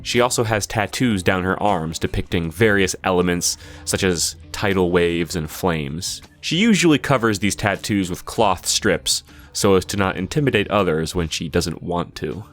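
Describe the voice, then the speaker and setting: Low-voiced man narrating a fantasy game. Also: moderate pace, faint music behind. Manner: descriptive, relaxed storytelling. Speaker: game master.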